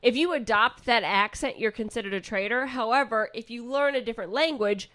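A woman's voice: a little high, a little fast, fairly bright tone, no room sound. A young woman with a Midwestern accent, co-hosting a comedy podcast and reading listener letters in a chatty, rambling way. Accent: Midwestern American. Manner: chatty, rambling, frequent restarts and laughter. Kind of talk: casual comedy podcast chat.

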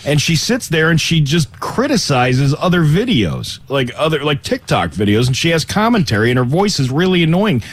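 A man co-hosting a casual interview, joking and animated. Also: fairly high pitch, normal speed, hardly any pauses, slightly rough. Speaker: radio co-host.

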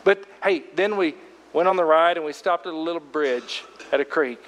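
A man's voice: a little high, normal speed, a bit bright, big-room sound. An older man preaching a sermon as pastor, in a folksy, conversational storytelling way.

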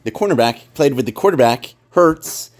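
A man's voice: medium pitch, expressive, moderate pace. A man in casual podcast chat, rambling and emphatic, swearing freely as he makes his points.

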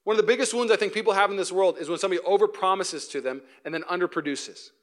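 A young man preaching a sermon as pastor, animated and joking, slipping into quick playful voices. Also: sits high.

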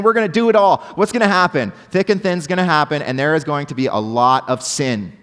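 Young pastor preaching in a reverberant hall. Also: male voice, mid-range voice. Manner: earnest preaching, rhetorical questions, swings from hushed to emphatic. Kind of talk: sermon. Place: church hall.

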